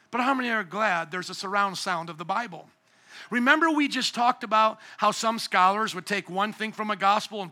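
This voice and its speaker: A hoarse man preaching a sermon in a church on a handheld microphone, often asking the congregation to call out the next word. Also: extremely high pitch, pushed and bright. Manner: asks the congregation fill-in questions. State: going hoarse. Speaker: pastor.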